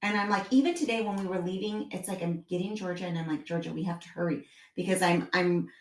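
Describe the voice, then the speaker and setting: A woman's voice: fairly low pitch, quick pace, echoey room, distant mic. A woman co-hosting a podcast, chatting casually and acting out scenes from family life as she tells stories. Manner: animated storyteller, acts out family scenes. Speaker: podcast co-host. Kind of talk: casual chat.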